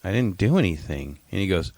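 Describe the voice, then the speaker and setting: A man's voice: sits low, big pitch swings, a little fast, gravelly, darkish tone, no echo. A man co-hosting a podcast in casual chat, crude and jokingly over the top, swearing heavily. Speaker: podcast co-host.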